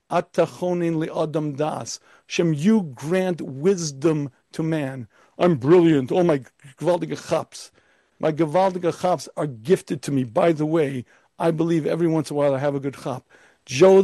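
Emphatic rabbi with a mellow voice. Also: male voice, high voice, gravelly, no echo. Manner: emphatic, full of rhetorical questions; acts out a pompous, arrogant voice. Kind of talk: Torah lecture.

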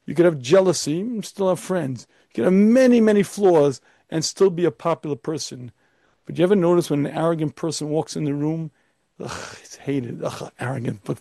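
A man's voice: a little high, gravelly, warm tone, dry recording. A man giving an emphatic Torah lecture as a rabbi, firing off rhetorical questions and now and then putting on a pompous, arrogant voice.

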